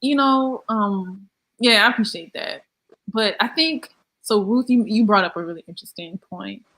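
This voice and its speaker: Animated woman host telling stories. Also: mid-range voice, moderate pace. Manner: animated, acts out quoted people. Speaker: YouTube host. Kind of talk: casual chat, storytelling.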